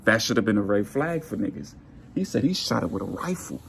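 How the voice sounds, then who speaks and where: A man telling a workplace story in a casual monologue, animated, acting out his coworkers' lines. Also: brisk, gravelly, a little hiss or hum. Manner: animated, acts out coworkers' lines with jumps in pitch.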